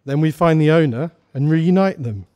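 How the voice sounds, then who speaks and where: A man reading a story aloud, voicing a woman charity worker who speaks briskly and reassuringly. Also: fairly high pitch, animated, darkish tone, lightly acted.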